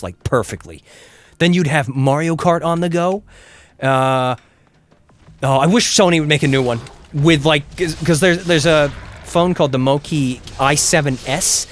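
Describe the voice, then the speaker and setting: A man's voice: on the high side, fairly bright tone, slight background noise. A young man, rambling casually about gadgets and reading chat while he streams a game from home. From England. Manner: rambling, chatty, swears when the game goes wrong. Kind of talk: casual gameplay commentary.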